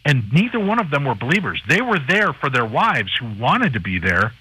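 A man on a radio talk show, telling a paranormal anecdote in a lively, casual way and acting out the people in it. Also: mid-range voice, normal speed, husky, no echo, rough recording. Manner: animated anecdote teller, acts out the people in his story. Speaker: paranormal TV host and guest. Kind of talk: casual storytelling chat.

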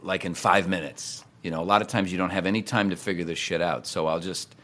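Deep-voiced chatty male voice actor. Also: fairly even intonation, a bit bright. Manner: quick, chatty, laughs often. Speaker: voice actor and impressionist. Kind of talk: casual interview chat.

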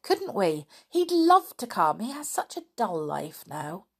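A woman's voice: mid-range voice, sing-song, a little slow, a bit bright, husky, full character voice. A woman voicing an eager young girl who gushes breathlessly about a holiday plan.

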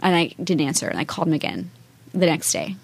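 Young woman musician in casual talk, lively storytelling, dry room. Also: deep voice, fast talker, vocal fry, husky, dry recording. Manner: animated storytelling, acts out quoted voices. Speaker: musician guest. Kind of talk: casual chat.

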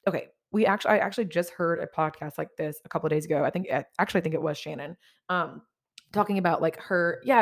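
A woman hosting a podcast in casual confessional chat, rambling and candid with lots of swearing and self-mocking asides. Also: on the low side. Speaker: podcast host.

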